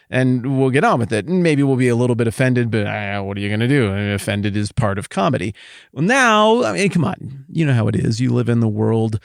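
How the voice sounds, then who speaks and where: A middle-aged man hosting a podcast, talking in an animated, conversational way with rambling asides. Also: medium pitch, brisk, vocal fry, no echo, studio quality. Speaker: podcast host. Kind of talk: casual monologue.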